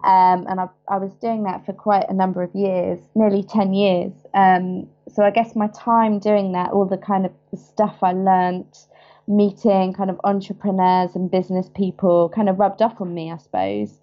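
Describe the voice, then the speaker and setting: A woman in her thirties with a southern English accent, chatting as an interview guest and often pausing with ums. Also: mid-range voice, fairly even intonation, highs cut off. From England. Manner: chatty, hesitant with many ums. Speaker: guest, business founder. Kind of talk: casual interview.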